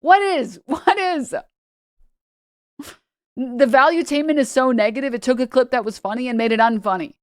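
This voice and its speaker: A woman's voice: fairly high pitch, quick pace, few pauses, no room sound. A woman from New York, a streamer giving casual reaction commentary, rambling and repeating her points for emphasis.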